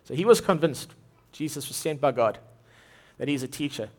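Male preacher, fairly high voice, earnest sermon delivery with frequent word repeats. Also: expressive, moderate pace. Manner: earnest, often repeats and restarts words.

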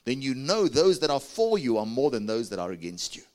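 This male pastor with a South African accent sounds very animated, brisk, and somewhat dark in tone. Preaching to his church in big pitch swings, he urges people to respond and lift their hands.

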